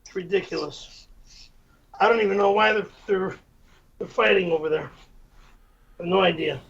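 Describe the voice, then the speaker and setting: A man's voice: high voice, moderate pace, vocal fry, fairly bright tone, husky, dull audio. A man hosting a casual livestream, making blunt, short remarks. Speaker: show host.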